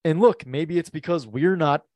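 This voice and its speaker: A man's voice: fairly high pitch, darkish tone, dry recording. Easily laughing podcast co-host man. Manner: laughs easily, halting restarts. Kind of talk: casual sports chat.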